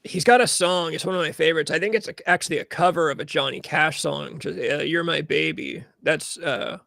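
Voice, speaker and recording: A man's voice: on the high side, fairly quick, creaky, pushed and bright, no room sound, studio quality. A man in a casual podcast chat, laid-back and laughing along, telling rambling stories about music. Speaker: podcast co-host.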